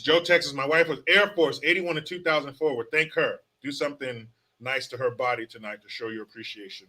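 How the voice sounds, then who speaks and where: A Californian man hosts a casual live stream, reading viewer comments and chat names aloud with joking, sarcastic asides. His medium-pitched voice sounds pushed and bright, and he talks briskly with few pauses.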